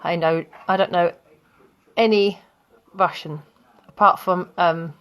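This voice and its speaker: A woman's voice: on the low side, fairly even intonation, slow pace, fairly bright tone, smooth. A woman teaching English grammar in a live online lesson, chatting with students and laughing often.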